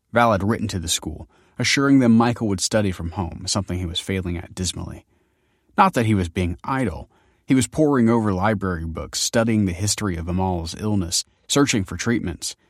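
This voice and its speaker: A male audiobook narrator with a very low, deep voice, reading in a measured, steady way. The sound is close and dry, with no room around it. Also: no room sound. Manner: measured, even storytelling delivery. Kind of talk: scripted narration.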